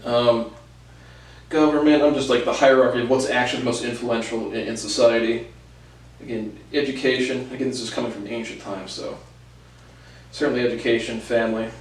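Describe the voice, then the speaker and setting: A man's voice: mid-range voice, flat delivery, a little fast. A man hosting a lecture series, talking in a casual, rambling way with many fillers and frequent chuckles. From United States. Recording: very echoey room, far from mic.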